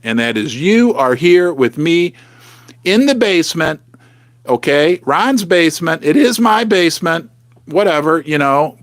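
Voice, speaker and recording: A middle-aged man with a fairly high voice hosts a live stream from his basement. He is animated and emphatic and speaks straight to his viewers. The sound is dry and close, with no room echo. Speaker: livestream host. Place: home basement.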